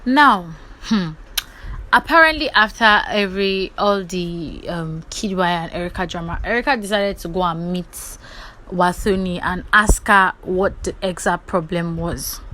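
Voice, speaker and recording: Brief: woman gossip host, lively storytelling, plays all the parts herself. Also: medium pitch. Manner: animated, acts out quotes. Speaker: gossip vlogger. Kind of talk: casual retelling of reality show drama.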